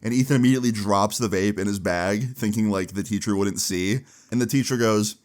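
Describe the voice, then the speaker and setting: A young man telling a story in a casual, animated way, full of swearing and slang. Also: on the low side, brisk. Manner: animated, profane and chatty.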